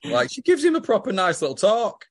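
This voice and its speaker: A man's voice: high voice, huge pitch swings, fairly quick. A man from England co-hosting a podcast, chatting casually and swearing as he recaps a soap. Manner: sweary, chatty, laughs often. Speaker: podcast co-host.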